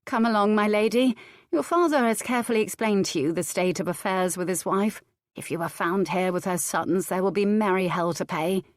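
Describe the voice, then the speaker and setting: A woman reading an audiobook voices a tall, stern, protective female servant who speaks firmly and commandingly in a deep voice. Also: steady tone, fairly quick, no echo, close to an everyday voice.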